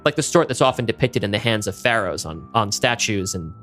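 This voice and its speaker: A man's voice: lowish voice, lively intonation, fairly quick, a bit bright, soft background music. A man co-hosting a podcast, narrating a monster script at a table read in a vivid storytelling manner. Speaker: podcast co-host.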